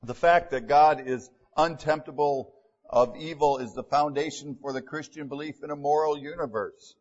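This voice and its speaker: A man's voice: on the high side, normal speed, a little mellow. Plainspoken male pastor, lo-fi sermon. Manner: plainspoken, with frequent fillers and restarts; reads scripture in King James wording. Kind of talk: expository sermon.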